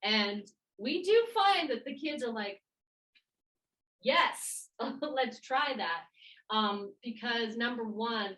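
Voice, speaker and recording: A woman's voice: mid-range voice, recorded from a distance, poor audio. A middle-aged woman who teaches kindergarten, talking casually at a workshop and acting out children's voices as she tells stories. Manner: lively, quotes kids in animated voices, laughs often. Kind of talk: casual talk at a professional workshop.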